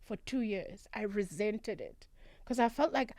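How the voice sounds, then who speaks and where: A woman's voice: mid-range voice, measured pace, no room sound, studio quality. Emphatic South African woman recounting. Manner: animated, emphatic retelling. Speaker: guest, traditional healer. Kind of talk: candid storytelling interview. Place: radio studio.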